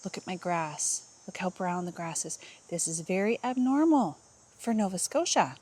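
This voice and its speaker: A woman's voice: on the low side, lively intonation, moderate pace, darkish tone. A woman vlogging at home as she cleans, chatting in a rambling, self-mocking way, with a camera mic. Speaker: vlogger, housewife. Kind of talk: casual chat while cleaning. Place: home, indoors and yard.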